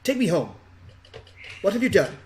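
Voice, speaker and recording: A man's voice: high-pitched, big pitch swings, moderate pace, a little hiss or hum, pitched above the performer's own voice. A man voicing a haughty, demanding ten-year-old girl in a tabletop game. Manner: demanding, snippy.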